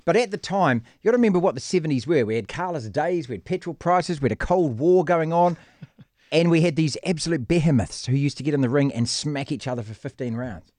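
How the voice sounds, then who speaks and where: A man hosting casual sports banter, quick and teasing. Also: fairly high pitch, expressive, darkish tone, dry recording. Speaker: radio sports host.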